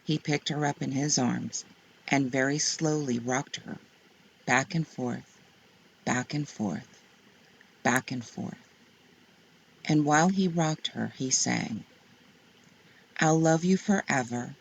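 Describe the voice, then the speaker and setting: Woman reading kids' books aloud, slow, husky and gravelly, very expressive. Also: extremely low pitch. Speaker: storyteller.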